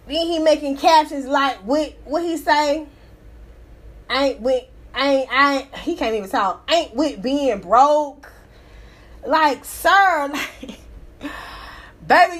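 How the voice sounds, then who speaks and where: A woman giving casual, profane, animated commentary while reading a news story aloud. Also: high voice. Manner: animated, sassy, profane, laughs often.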